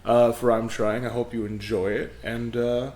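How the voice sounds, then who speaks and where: A young podcast host in his twenties introduces the episode, upbeat and quick to laugh. His voice sits in a middle pitch range. Echo from the room hangs around his voice. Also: level tone, darkish tone, a little hiss or hum. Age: 20s. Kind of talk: casual chat and show introduction. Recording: echoey room.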